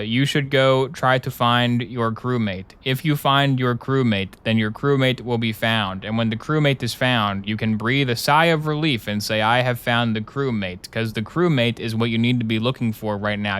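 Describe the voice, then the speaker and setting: A man streaming a game live, trolling in a deadpan way with absurd repeated jokes. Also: mid-range voice, smooth. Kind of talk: casual live game commentary.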